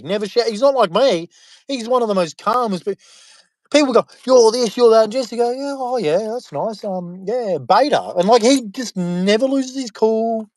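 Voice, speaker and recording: A man's voice: sits high, dry recording, studio quality. A man with an Australian accent talking casually to camera, rambling and emphatic with many fillers, turning preachy at times.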